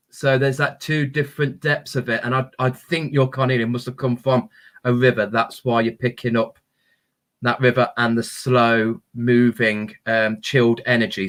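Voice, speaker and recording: Gentle man hosting a crystal livestream. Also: mid-range voice. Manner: gentle, encouraging, spiritual talk with many ums. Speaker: crystal healing livestream host. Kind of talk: live-stream chat reading viewer comments.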